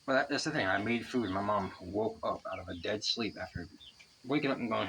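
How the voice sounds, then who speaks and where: A man's voice: lowish voice, fairly quick, bright, forceful tone, slight background noise, rough recording. A young man telling a long rambling story in a casual vlog, cursing freely as he talks. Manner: rambling, profane, chatty. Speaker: vlogger. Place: outdoors by the water.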